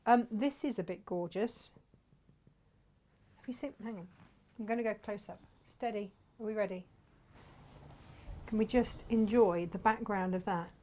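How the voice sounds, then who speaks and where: A woman's voice: medium pitch, unhurried, pauses often, darkish tone. A woman hosting a casual chat about fabrics, gushing and chatty. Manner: gushing, chatty, drops to whispers. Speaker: host.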